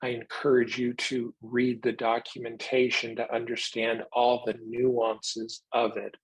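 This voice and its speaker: A man giving a technical presentation, explaining new software features in a measured way and taking questions. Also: medium pitch, completely flat delivery, husky, poor audio.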